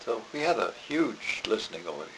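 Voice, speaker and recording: An older man from England, a former radio host telling lively stories from his career in an interview. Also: lowish voice, brisk, very noisy. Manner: lively storytelling. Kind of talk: reminiscing interview.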